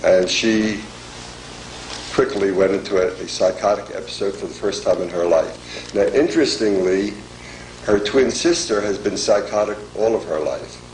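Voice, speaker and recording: An older man giving a formal lecture, speaking in a measured, deliberate way with many pauses. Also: on the low side, darkish tone, slight background noise. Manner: measured, deliberate, pausing often. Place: lecture hall. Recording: echoey lecture hall.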